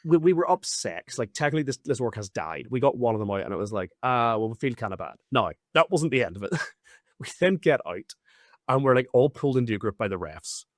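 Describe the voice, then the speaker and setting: Man, podcast host, casual storytelling, animated and sweary, mid-pitched, dry close mic. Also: fast talker, dry recording. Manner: animated, swears freely, many fillers.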